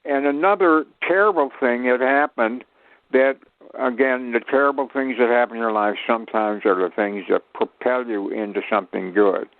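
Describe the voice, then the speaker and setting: A man's voice: mid-range voice, normal speed, no room sound. A man in his eighties from Chicago, a guest telling stories in a rambling, humorous, self-mocking way. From Chicago, USA. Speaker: guest, actor. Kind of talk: rambling anecdotal storytelling. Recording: tinny phone line.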